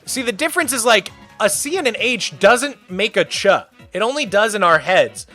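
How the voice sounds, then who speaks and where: Animated young man ranting on stream. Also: high-pitched, faint music behind. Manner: animated, ranting, quick to exaggerate. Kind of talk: casual live-stream chat.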